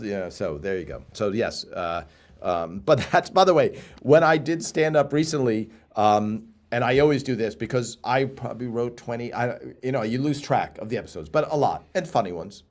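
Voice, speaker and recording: A man's voice: fairly low pitch, lively intonation, normal speed. A man, a comedy writer appearing as a guest, rambling through casual anecdotes and acting out the lines of the people in them. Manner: rambling, acts out quotes from his stories. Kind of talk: casual anecdotes on a live stream.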